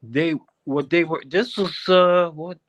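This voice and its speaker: A man from the United States calling in to tell an animated story, his voice jumping up high whenever he quotes himself. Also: slow pace, dull audio. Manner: animated, rising sharply when quoting himself. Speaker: caller. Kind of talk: storytelling on a call-in show. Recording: connection breaking up.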